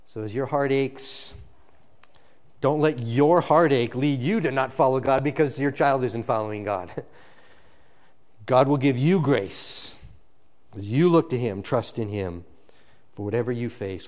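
A man preaching a sermon as pastor, earnest and emphatic, often restarting phrases and breaking into quick asides. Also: mid-range voice, darkish tone.

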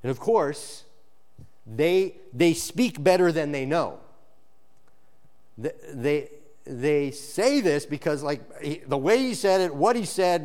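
A male pastor preaching an expository sermon, shifting between low emphatic lines and raised animated ones, often restarting his words. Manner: frequent restarts and repeated words.

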